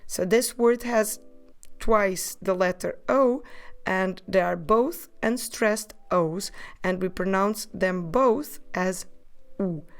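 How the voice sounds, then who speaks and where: A woman teaching a podcast language lesson, modelling words slowly and carefully and having listeners repeat after her. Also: mid-range voice, creaky. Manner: slow, careful pronunciation drills with repetition.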